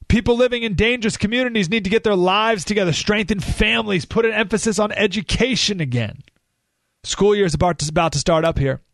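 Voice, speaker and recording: A man's voice: sits high, quick pace, a bit bright, no echo. A man hosting a political talk radio show, delivering an emphatic, ranting monologue with sarcastic asides from a studio. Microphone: studio microphone.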